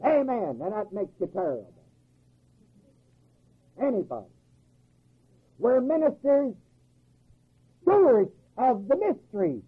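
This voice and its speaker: A man's voice: very high-pitched, sing-song, slow pace, long pauses, breathy edge. A man preaching a sermon in a folksy, emphatic way, firing rhetorical questions and chuckling at his own jokes. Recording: tinny phone-like old recording.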